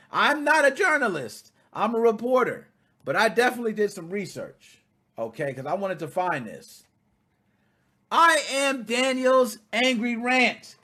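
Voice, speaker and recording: Animated, high-voiced male podcast host. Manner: animated, swings from quiet asides to loud outbursts, swears freely. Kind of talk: casual commentary podcast.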